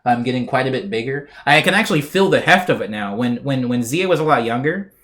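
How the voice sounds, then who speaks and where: Man, mid-pitched voice, casual live-stream chatter, relaxed, talkative. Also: quick pace. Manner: relaxed, chatty, reads chat aloud with small laughs.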